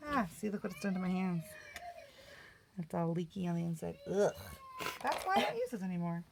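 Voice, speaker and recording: A middle-aged woman talks her way through a painting session at her craft table, chatty and teasing herself as she goes. Her mid-range voice carries a gravelly fry, with a faint hiss in the background. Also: fairly low pitch, expressive, fairly quick. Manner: chatty, self-mocking, laughs easily. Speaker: art vlogger. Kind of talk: casual crafting tutorial chat.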